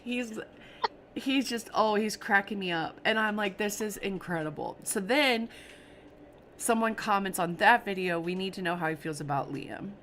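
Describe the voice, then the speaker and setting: A woman's voice: medium pitch, normal speed, a little hiss or hum. A woman hosting a casual stream podcast, telling stories animatedly, laughing and acting out quotes. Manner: animated, laughing storyteller who acts out quotes. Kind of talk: casual chat.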